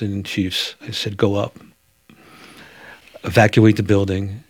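A fire chief, a man with a low voice, recounts what he lived through in a measured, halting manner. The sound is dry, with no room around it. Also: dry recording. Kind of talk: recounting in a broadcast interview.

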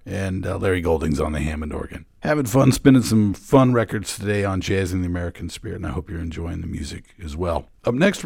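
A middle-aged man hosting a jazz radio show, chatting in a relaxed, conversational way between records with frequent pauses. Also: low-pitched, creaky, dry recording, clean studio sound.

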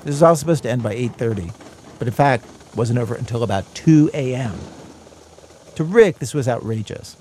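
A man's voice: mid-range voice, lively intonation, brisk, darkish tone, a little hiss or hum. A man hosting a radio show, narrating in a wry, conversational way from a studio mic.

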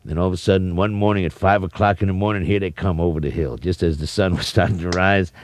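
A man's voice: deep voice, quick pace, a little hiss or hum. A man telling a rowdy story from his past, with vivid sound effects. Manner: lively yarn-spinner with sound effects. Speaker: interviewee. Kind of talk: animated storytelling.

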